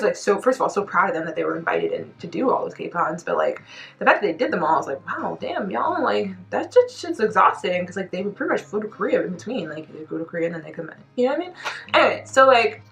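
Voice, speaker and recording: A woman chatting straight to her camera in a gushing, excitable way, filling her sentences with "like." Her voice sits on the lower side for a woman. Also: vocal fry. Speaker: YouTube reaction vlogger. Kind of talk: casual chat to camera.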